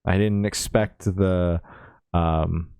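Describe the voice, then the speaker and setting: Deep-voiced man, sarcastic podcast host. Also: fairly even intonation, extremely slow, darkish tone, smooth, dry recording. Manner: hesitant, filler-heavy, sarcastic. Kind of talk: casual chat.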